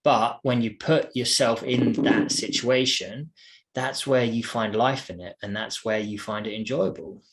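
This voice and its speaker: A British man co-hosting a Bible podcast, talking in a relaxed, matey way. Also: mid-range voice, a little slow. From Britain. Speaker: podcast co-host. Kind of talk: casual Bible chat.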